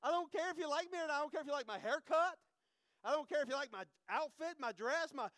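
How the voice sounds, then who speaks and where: A middle-aged man, preaching a personal testimony, swinging from hushed to loud and repeating phrases. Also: very high voice, fast, no room sound. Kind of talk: sermon testimony.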